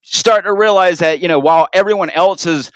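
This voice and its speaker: A man's voice: high voice, brisk, no echo, low-quality recording. Male panel guest, provocative and foul-mouthed, ranting in a raised voice recorded dry. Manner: profane. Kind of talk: heated online panel argument.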